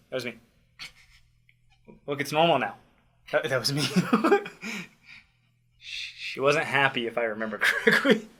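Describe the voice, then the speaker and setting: A young man casually telling a personal story, acting out quotes and dropping quiet in tense moments. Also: mid-range voice. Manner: animated, acts out quotes loudly then drops to quiet. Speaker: podcast host telling a story.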